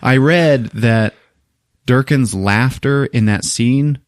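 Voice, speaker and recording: A man's voice: mid-range voice, takes it slowly, no echo, studio quality. A man hosting a podcast, casually retelling a movie plot with lots of swearing and laughter. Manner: profane, laughing storytelling. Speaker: podcast host.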